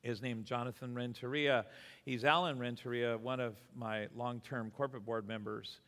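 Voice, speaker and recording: A man's voice: mid-range voice, fairly even intonation, normal speed, a bit bright, big-room sound. A man pastor preaching a sermon in earnest, repeating words for emphasis.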